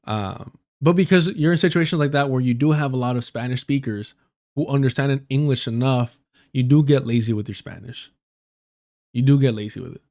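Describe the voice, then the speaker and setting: A man's voice: mid-range voice, brisk, darkish tone. Profane, joking man on a live stream. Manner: profane, joking, uses a lot of slang. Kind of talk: casual storytelling on a live stream.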